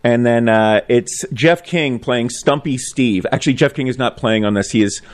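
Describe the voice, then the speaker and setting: A man's voice: medium pitch, moderate pace. A man co-hosting a live community radio show, joking and riffing in casual banter. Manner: joking, riffs with mock voices.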